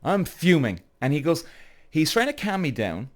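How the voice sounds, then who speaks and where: An Irish man hosting a podcast, telling a story in an animated, exasperated way. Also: a little high, moderate pace. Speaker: podcast host. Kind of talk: casual storytelling.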